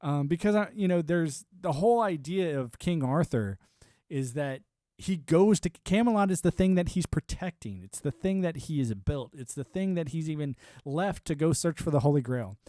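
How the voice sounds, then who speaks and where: A man's voice: on the high side, expressive, moderate pace, warm tone, no room sound, studio quality. A young man hosting a livestream, rambling sardonically through a casual political rant and swearing freely. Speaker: livestream host.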